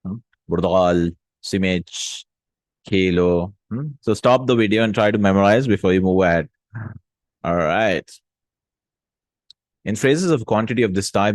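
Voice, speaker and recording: A man with a lowish voice teaches a casual language lesson, recorded close and dry. He says each word slowly and repeats it, and keeps checking in with little "hmm?" and "no?" prompts. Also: no room sound. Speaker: Arabic teacher.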